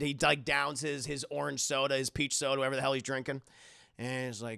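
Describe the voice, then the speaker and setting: A man streaming a casual film retelling to his chat, animated and often restarting his sentences. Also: medium pitch, brisk, gravelly, clean tone, no room sound, clean studio sound.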